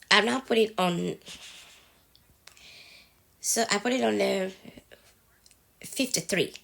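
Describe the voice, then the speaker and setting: Speaking in a creaky, medium-pitched voice, a woman with a cold makes a TikTok tutorial at home, explaining phone steps casually. She chats throughout and checks in with the viewer after each one.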